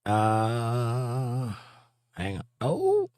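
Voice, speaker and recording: A man's voice: medium pitch, wildly swooping pitch, extremely slow, darkish tone, clean tone, dry recording, studio quality. A middle-aged man hosting a livestream in casual chat, reading viewer comments aloud and joking with crude banter. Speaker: livestream host and musician.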